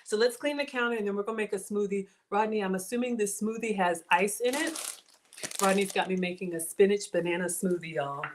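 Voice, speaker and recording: A woman's voice: medium pitch, brisk, background noise. A woman in her forties with a mild Southern American accent, chatting casually with livestream viewers while she cooks and thanks them for their support. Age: 40s. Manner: chatty, thanks viewers, addresses chat as y'all. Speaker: home cook livestream host.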